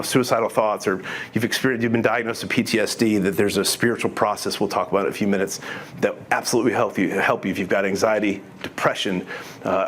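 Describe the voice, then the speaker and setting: A man's voice: lowish voice, slight background noise. A middle-aged man telling his testimony to an audience in an earnest, conversational way, restarting sentences often. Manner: earnest, conversational, with many restarts and quoted dialogue. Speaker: speaker giving a testimony.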